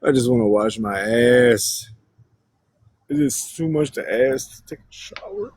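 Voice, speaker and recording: A man's voice: medium pitch, measured pace, darkish tone, husky, no echo, poor audio. A young man chatting casually and bluntly with his viewers on a livestream, rambling and swearing freely.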